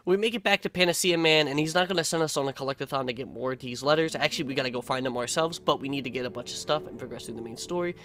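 A quick-talking man runs through his playthrough in a loose, offhand voice-over, cussing now and then and tossing in dry, sarcastic remarks. Game music plays clearly underneath him. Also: mid-range voice, a bit bright. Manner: laid-back, swears casually, recounts play with sarcastic asides. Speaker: gaming video creator. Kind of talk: casual gameplay voice-over.

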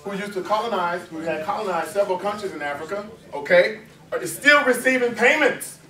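A man's voice: high-pitched, lively intonation, a little fast, pushed and bright. A man giving an impassioned college lecture, emphatic and conversational, firing off rhetorical questions. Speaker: guest lecturer. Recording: echoey room, mic far off, faint ambience.

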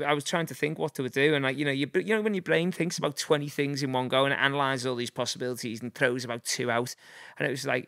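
Gravelly Scouse man telling stories. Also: mid-range voice, a bit bright, no room sound, studio quality. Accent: Liverpool (Scouse). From Liverpool, England. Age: 40s. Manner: rambling, many fillers, acts out voices. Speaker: guest. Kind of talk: casual storytelling.

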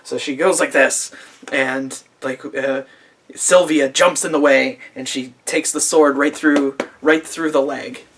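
A man's voice: medium pitch, fairly even intonation, measured pace, fairly bright tone, a little hiss or hum. A man recapping an anime episode in a casual video review, sarcastic and profane, laughing often, recorded on a camera mic.

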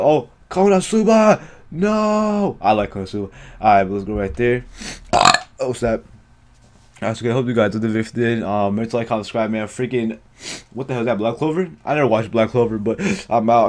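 A man talks over a show as he watches it live, in a mid-range voice. His commentary is excitable and full of slang and profanity, with constant outbursts of surprise. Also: mid-range voice. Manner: excitable, slangy, swears often, frequent exclamations. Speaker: reaction video host.

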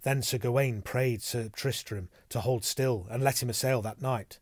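Clean studio sound without echo frames a man reading an audiobook. His mid-range voice tells the story in an even, measured fashion.

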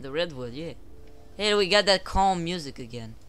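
A young man commenting casually on a game he plays with a friend, excitable and swearing, often bursting into shouts. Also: a little high, moderate pace, soft background music. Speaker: gamer.

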